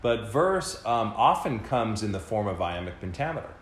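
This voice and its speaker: This podcast co-host has a fairly low, sing-song voice and talks at a normal speed, rambling casually through a long explanation with plenty of fillers and false starts. Faint background noise sits under an echoey room sound.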